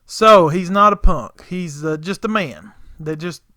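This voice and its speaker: A man, casually telling a story to his viewers, folksy and animated, acting out both sides of the dialogue. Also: high-pitched, a little slow, no echo, studio quality. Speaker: lawn care business owner, channel host.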